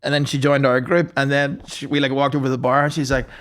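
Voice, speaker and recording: Young man, Northern Irish accent, podcast co-host, casual storytelling, lots of "like", mid-pitched voice. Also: flat delivery, fast, a bit bright. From Omagh, Northern Ireland. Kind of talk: casual chat.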